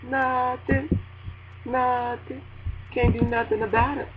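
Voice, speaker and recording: A woman's voice: fairly high pitch, slow. Laughing gospel radio host woman. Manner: animated, laughing, joking asides. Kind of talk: casual gospel radio chat. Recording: dull lo-fi home recording with faint noise.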